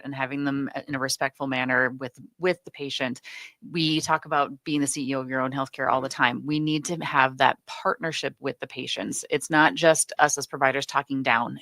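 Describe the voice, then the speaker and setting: A woman co-hosting a radio health show as a nurse practitioner, speaking in a measured, earnest way. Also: low voice, a bit bright, no room sound. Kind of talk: casual radio health talk.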